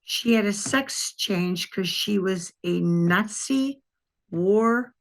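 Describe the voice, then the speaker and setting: Taking it slowly, this medium-pitched speaker is a retired detective, an older Wisconsin woman recounting a lengthy personal story for an interview. She narrates with lively, anecdotal energy and performs the quoted voices of the people in it.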